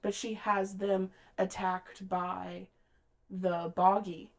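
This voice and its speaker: A woman co-hosting a casual book podcast, retelling scenes with lively acted-out lines. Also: mid-range voice, slow. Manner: animated, acts out characters' lines mid-story. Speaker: podcast co-host.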